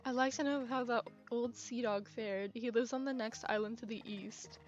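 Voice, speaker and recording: A woman's voice: on the high side, fairly even intonation, normal speed, natural voice. Luna, a woman reading a prickly, worn-out magic-user. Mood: curt. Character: weary female magic-user, curt and prickly. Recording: muffled, with game music.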